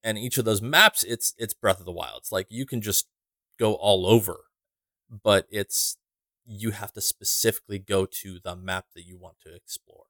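A man's voice: lowish voice, normal speed, pushed and bright, no room sound, clean studio sound. A man co-hosting a podcast in casual chat, rambling and wry, swearing now and then. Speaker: podcast co-host.

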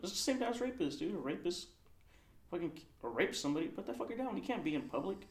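A man's voice: high-pitched, very animated, quick pace. A young man chatting casually, joking and using lots of slang. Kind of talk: casual chat. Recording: echoey room.

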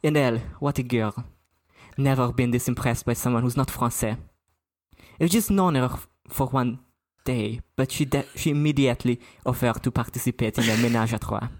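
A man's voice: mid-range voice, normal speed, lightly acted. A man reading a story aloud, voicing a gushing French woman with a French accent in a theatrical, overblown way.

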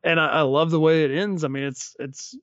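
A man's voice: a little high, a little fast, a bit bright, dry recording, highs cut off. A man co-hosting a podcast, chatting casually about films in a rambling way full of fillers. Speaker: podcast co-host. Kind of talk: casual film discussion.

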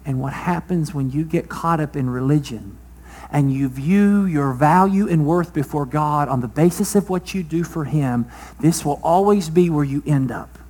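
A preacher with a high-pitched voice delivers a sermon. He throws rhetorical questions to the congregation, letting his voice swell loud before dropping soft. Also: slightly rough. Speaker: pastor.

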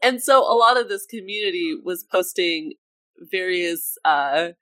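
A woman's voice: on the low side, animated, moderate pace, fairly bright tone, dry recording. Woman on a podcast, giggly, trying not to crack up while she reads, dry close sound. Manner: giggly, tries not to laugh while reading. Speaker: podcast co-host. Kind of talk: casual comedic chat, reading excerpts aloud.

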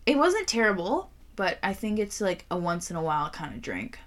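A young woman co-hosting a casual beer-tasting chat, joking and animated with crude humor. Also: on the low side, brisk. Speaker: podcast co-host.

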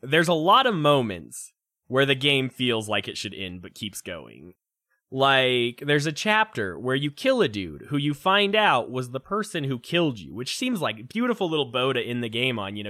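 A young man in casual, animated chat about a video game, full of restarts and laughter. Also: medium pitch, no echo, studio quality. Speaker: game review podcast co-host.

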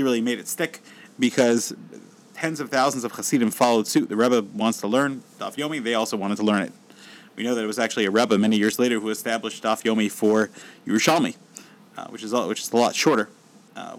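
A man giving a storytelling lecture as a Torah teacher, animated and repeating words when excited. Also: on the low side, low-quality recording.

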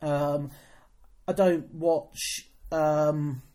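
A woman's voice: deep voice, fairly even intonation, drawn-out words, dark tone. A woman co-hosting a wrestling podcast from a hotel room, talking in a dry, rambling, self-deprecating way. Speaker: podcast co-host, wrestling promoter. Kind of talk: casual chat.

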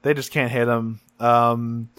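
A man's voice: medium pitch, level tone, takes it slowly, a bit bright, dry recording. Casual man recapping, dry sound. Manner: loose and profane, with frequent fillers. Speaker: podcast co-host.

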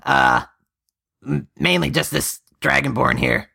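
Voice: medium pitch, slow pace, gravelly, bright, forceful tone, husky, no echo, studio quality. A player in a casual tabletop game who curses and restarts sentences. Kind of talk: tabletop role-play, casual.

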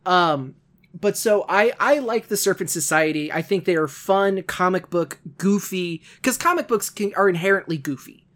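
A man's voice: high voice, animated, normal speed, fairly bright tone. A man co-hosting a casual podcast, rambling in a self-deprecating, nitpicky way. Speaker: podcast co-host.

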